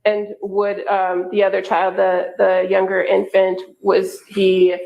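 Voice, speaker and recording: A woman prosecutor questioning a witness in a courtroom, in measured, methodical questions with frequent pauses. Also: mid-range voice, monotone, creaky, lo-fi sound. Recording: echoey courtroom audio.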